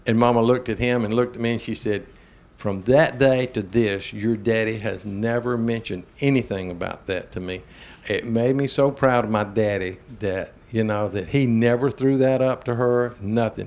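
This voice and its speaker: A man's voice: medium pitch, normal speed. Older man telling folksy stories. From Georgia, US. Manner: animated, chuckling, drawling Southern speech. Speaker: talk show host. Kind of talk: folksy storytelling.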